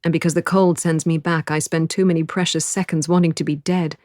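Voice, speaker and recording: A woman's voice: low voice, flat delivery, fairly quick, a little mellow, no room sound, clean studio sound. A woman narrating a novel in the first person, with an intense, breathless inner-monologue delivery. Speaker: audiobook narrator.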